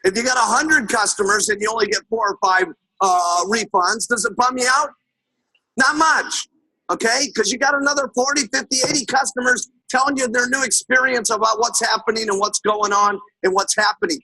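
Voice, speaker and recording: A sales trainer with a very high, sharp, slightly rough voice talks briskly in a motivational sales talk, and the audio is poor. He tells emphatic stories and keeps checking in with listeners by asking "okay?"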